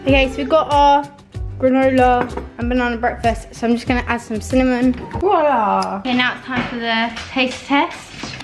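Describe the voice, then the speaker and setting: British teen girl, slightly high, chatty vlog talk over music. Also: little pitch movement, moderate pace. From Britain. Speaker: vlogger daughter. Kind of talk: casual vlog chat.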